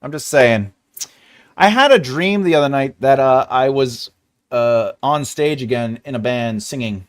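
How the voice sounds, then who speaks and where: A man's voice: medium pitch, measured pace. A man in his forties, host of a casual live chat with his viewers, rambling and jokey and often laughing. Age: 40s. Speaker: livestream host.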